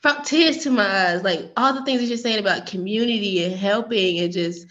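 A woman's voice: medium pitch, a little fast, fairly bright tone. Heartfelt woman co-host, slightly muffled. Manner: heartfelt, emotional, many fillers like "like" and "um". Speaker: podcast co-host, former teacher. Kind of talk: casual podcast conversation. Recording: dull, slightly lo-fi sound.

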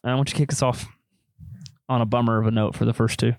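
A man's voice: mid-range voice, fairly even intonation, fast talker, vocal fry, darkish tone, no echo, studio quality. A man chatting on a podcast, telling rambling jokey stories. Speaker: podcast co-host. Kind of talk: casual chat.

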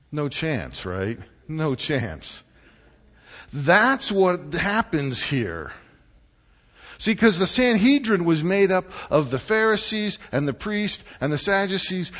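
A man preaching a sermon, animated and deliberate, swinging between loud and hushed delivery. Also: fairly high pitch. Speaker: pastor. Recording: muffled, echoey church hall.

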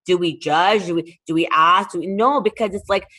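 Animated woman from Toronto, chatty. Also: on the low side, moderate pace. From Toronto, Canada. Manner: animated, fillers of "like", acts out quotes. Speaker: charity founder. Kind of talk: casual interview talk.

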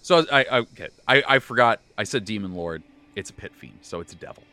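A man hosting a podcast, recounting his tabletop game session as game master in a loose, animated way, with many restarts and bursts of laughter. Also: on the low side, fast talker. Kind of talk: casual recap of a tabletop game.

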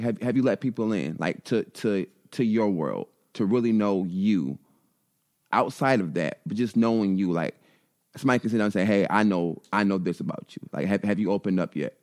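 A man with a low voice hosts a podcast chat. He asks his question haltingly, repeating words as he gathers his thoughts. He sounds casual and unscripted. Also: darkish tone. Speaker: podcast host. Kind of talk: interview questions.

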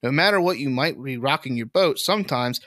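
A man's voice: medium pitch, animated, brisk, pushed and bright, no echo, studio quality. A man co-hosting a casual podcast, reading headlines aloud and laughing often. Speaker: podcast co-host.

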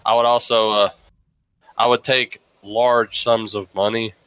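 A man in casual conversation, rambling and animated, swearing freely as he spins hypothetical stories. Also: on the low side, a little slow, clear, resonant tone, no echo, rough recording. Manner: profane, rambling, animated storytelling. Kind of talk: casual chat.

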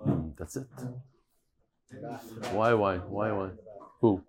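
A rabbi with a low male voice, hoarse because of a cold, teaches a casual daily Talmud lesson. He chats along and throws quick asides to those in the room.

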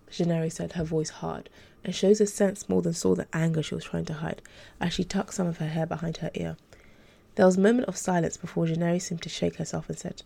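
A woman narrating an audiobook in a steady, plain reading voice. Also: fairly low pitch, fairly quick, creaky, husky.

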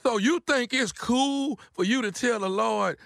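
High, gravelly, fired-up prank caller man. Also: unhurried, no room sound, studio quality. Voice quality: animated, heated arguing. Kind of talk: prank phone call. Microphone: studio mic.

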